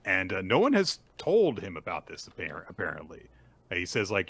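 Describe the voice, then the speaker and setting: A man co-hosting a podcast, casually recapping manga chapters and acting out the lines with quick character voices. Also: deep voice, husky. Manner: animated retelling with put-on character voices. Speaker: podcast co-host.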